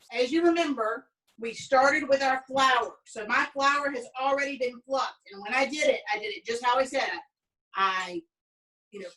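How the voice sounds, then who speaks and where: A woman with a high, fairly bright voice and a Southern American accent teaches cooking in a chatty, folksy manner, with plenty of fillers and stories about her family. The mic catches her from a bit far away.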